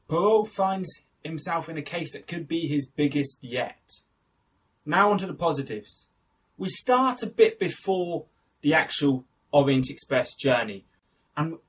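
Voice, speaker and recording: A man's voice: fairly high pitch, breathy edge. A young man hosting a casual film review, chatty and enthusiastic, correcting himself as he goes.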